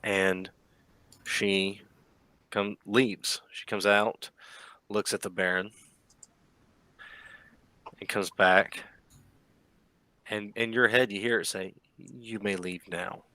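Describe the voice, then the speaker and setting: A man narrating a tabletop game as game master, in a slow, measured storytelling manner. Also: on the low side, flat delivery, sharp tone, smooth, dry recording.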